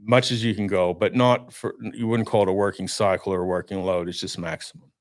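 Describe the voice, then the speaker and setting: A man telling a story as a podcast guest in a studio, animated and talkative, acting out his own reactions. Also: low-pitched, brisk, dry recording. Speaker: guest, marine winch maker. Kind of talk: casual studio podcast chat.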